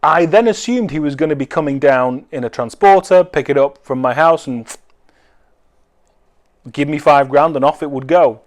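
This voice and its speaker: A man's voice: fairly high pitch, normal speed. A man who builds cars, telling a rambling anecdote with wry swearing. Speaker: car enthusiast. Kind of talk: casual anecdote.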